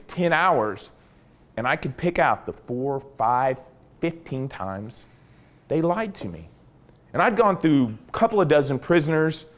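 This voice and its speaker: A middle-aged man, a former army interrogator, telling a story from his service and acting out the dialogue. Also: medium pitch. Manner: animated storyteller, acts out dialogue. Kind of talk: storytelling talk.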